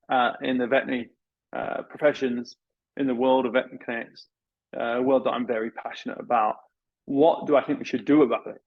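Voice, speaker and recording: A man's voice: medium pitch, vocal fry, lo-fi sound. A man presenting a business session in an online webinar, talking casually and asking the audience rhetorical questions with many fillers. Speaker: veterinary business speaker.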